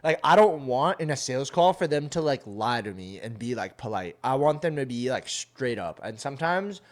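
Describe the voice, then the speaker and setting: A man co-hosting a podcast in laid-back, casual talk, laughing and slipping into quick voices. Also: medium pitch, very animated. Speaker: podcast co-host.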